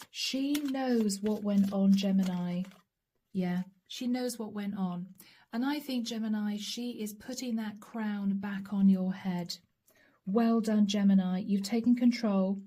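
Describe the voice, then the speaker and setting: Mellow-voiced woman giving a tarot reading. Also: mid-range voice. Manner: intimate, repetitive, addresses the listener directly. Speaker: tarot reader.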